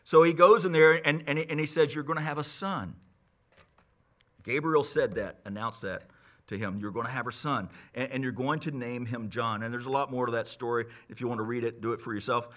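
A man's voice: medium pitch, fairly quick. A man preaching a sermon as pastor, teaching conversationally with lots of restarts and asides. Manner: conversational, animated Bible teaching with many restarts.

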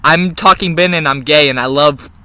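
A young man vlogging in a goofy, comedic style, swinging between mock-serious mumbles and loud outbursts. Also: on the high side, moderate pace, clear, resonant tone. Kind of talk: comedic casual vlog. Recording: background music.

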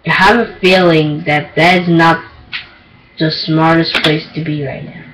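A gaming video creator giving casual, excitable gameplay commentary, giggling and poking fun at themselves. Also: mid-range voice, a little slow, slight background noise, low-quality recording. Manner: excitable, giggly, self-mocking.

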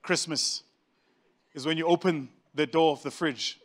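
A man with a South African accent telling a humorous story to a live audience in an animated, joking, conversational way. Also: fairly high pitch, unhurried.

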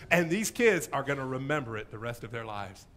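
A man preaching a sermon as pastor, animated and humorous, with lots of enthusiasm. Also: medium pitch, fairly quick.

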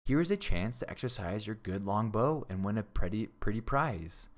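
A hearty old squire, jovial and booming with good cheer, as a man reads him in a storybook. The voice is low and warmly bluff. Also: lively intonation, moderate pace, natural voice.

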